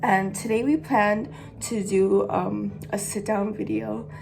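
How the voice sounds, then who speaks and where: Slow-talking giggly young woman vlogger. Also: mid-range voice, fairly even intonation, gravelly, a little mellow. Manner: giggly, talks with lots of fillers. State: stuffy nose from allergies. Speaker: vlogger pranking her boyfriend. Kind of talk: casual chatty vlog.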